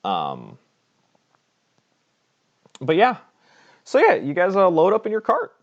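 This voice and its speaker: A man's voice: high-pitched, wildly swooping pitch, slow. A man narrating a tabletop game as game master, chatty and hesitant, often laughing. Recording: dull lo-fi mic.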